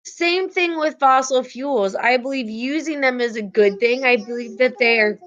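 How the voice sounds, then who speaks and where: A woman's voice: high voice, normal speed, fairly bright tone, highs cut off. A young woman teaching a class over a video call, chatty and casual, full of fillers and restarts.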